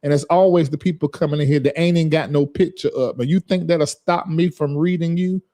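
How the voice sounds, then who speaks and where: On a livestream, a male host talks casually in a fairly high, warm voice that moves fairly quickly with fairly even intonation. He reads viewer comments aloud and scolds one commenter with sass and a drawling rhythm.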